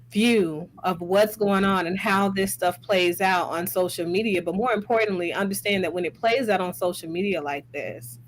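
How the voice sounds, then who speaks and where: A woman's voice: mid-range voice, normal speed, hardly any pauses, a little hiss or hum. A woman hosting and speaking as a clinician, commenting on social media clips and stretching key words for emphasis. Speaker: host and clinician.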